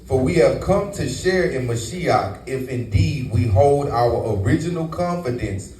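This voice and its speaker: A man reading scripture aloud in a measured, steady way during a Bible lesson. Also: medium pitch. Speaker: scripture reader. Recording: echoey room, mic far off.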